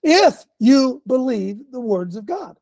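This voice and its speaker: A man preaching a fiery sermon, folksy and combative, with slang and sudden shouts. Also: very high-pitched, sing-song, slow pace, no room sound. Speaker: pastor.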